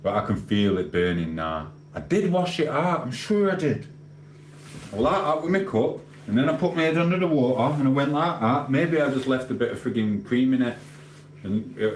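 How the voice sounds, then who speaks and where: A man hosting a casual livestream, reading comments aloud and ranting bluntly with cheeky swearing. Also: fairly low pitch. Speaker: livestream host. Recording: roomy echo with faint hum.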